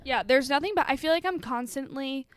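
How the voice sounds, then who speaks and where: A woman's voice: high-pitched, a little fast. A young woman co-hosting a podcast, telling stories in casual chat with lots of "like". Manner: chatty storytelling, says "like" often. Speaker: podcast co-host.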